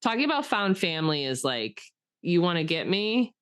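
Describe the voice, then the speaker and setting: A chatty woman with a fairly low voice co-hosts a casual podcast. She rambles, leaning on fillers, and turns emotional and enthusiastic as she talks. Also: big pitch swings, moderate pace, fairly bright tone, clean tone. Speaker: podcast co-host. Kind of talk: casual chat.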